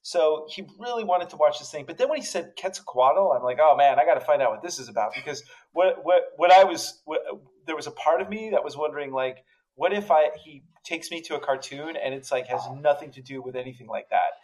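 A man's voice: a little high, lively intonation, brisk, hardly any pauses, darkish tone, poor audio. A man from the Netherlands co-hosting a podcast, telling a story in casual chat with many restarts and fillers. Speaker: podcast co-host.

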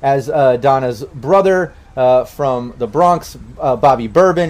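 A man's voice: medium pitch, a little slow, hardly any pauses, a little mellow. A man narrating a tabletop game as game master in a casual, rambling way.

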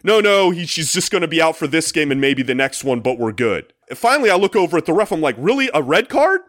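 Excitable high-pitched man telling stories. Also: quick pace, dry recording, studio quality. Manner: excitable, profane, acts out shouting parents. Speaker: podcast co-host and youth soccer parent. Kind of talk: animated storytelling chat.

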